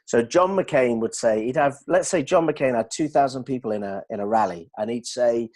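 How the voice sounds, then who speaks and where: A man explaining communication ideas to colleagues in an animated way, checking that they follow. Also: mid-range voice, moderate pace, few pauses. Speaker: dental communication trainer. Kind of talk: explanatory discussion.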